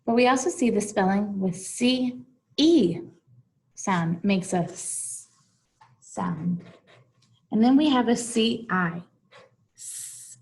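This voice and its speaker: A woman teaching a phonics lesson to young children, saying each word slowly and repeating it. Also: mid-range voice, expressive, darkish tone. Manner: slow, deliberate, repeating each word twice.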